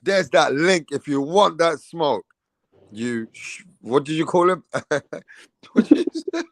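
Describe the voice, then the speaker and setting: A man's voice: a little high, takes it slowly, no room sound. A British man hosting a casual chat, swearing freely and talking with animation. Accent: British English. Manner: swears freely, animated, mimics other accents. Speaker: host.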